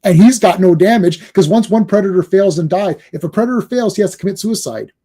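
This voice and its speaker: Excited husky-voiced man. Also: high-pitched, fast talker. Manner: excited, acts out film lines. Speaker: podcast host. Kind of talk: casual movie discussion.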